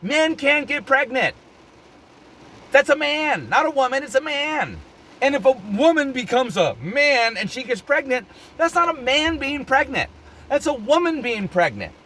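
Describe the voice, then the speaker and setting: Man, angry vlog rant, high and swooping voice, bright edge, profane. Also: sing-song, a little slow, a little hiss or hum. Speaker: vlogger. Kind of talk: heated opinion rant to camera.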